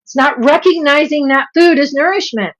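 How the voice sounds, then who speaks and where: A woman's voice: sits high, normal speed, fairly bright tone, low-quality recording. Earnest Southern woman in her fifties. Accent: Southern US drawl. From Southern United States. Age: 50s. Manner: earnest, repeats points for emphasis, greets viewers by name. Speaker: livestream host and nutrition coach. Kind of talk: live-stream talk.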